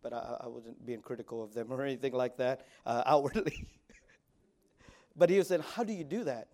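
A man in his forties preaching as a youth pastor, swinging between loud exhortation and quiet asides, often stammering and repeating words. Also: medium pitch, normal speed. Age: 40s. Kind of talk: sermon.

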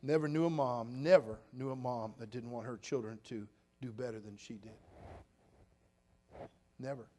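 A man's voice: mid-range voice, steady tone, normal speed, pauses often, a little hiss or hum. Man in his sixties preaching a sermon. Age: 60s. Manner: preaching with sudden loud bursts and quiet drops. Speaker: pastor.

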